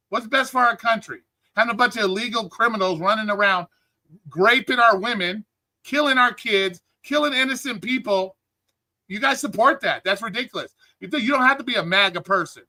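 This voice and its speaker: Sharp-voiced man ranting angrily. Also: high-pitched. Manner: angry, heated, swearing constantly; greets live chat viewers between rants. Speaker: livestream host. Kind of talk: profane political rant on a live stream.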